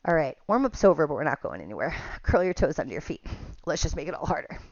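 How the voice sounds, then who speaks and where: A woman teaching a pilates class, giving calm step-by-step cues and counts, a little out of breath at times. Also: deep voice, quick pace, dry recording, dull audio. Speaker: pilates instructor. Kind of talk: guided exercise class cues.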